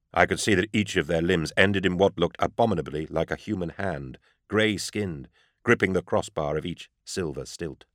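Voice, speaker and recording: A man reading a first-person story aloud in a grave, measured storytelling manner. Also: deep voice, a bit bright, dry recording, studio quality. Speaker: audiobook narrator. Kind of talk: first-person scripted narration.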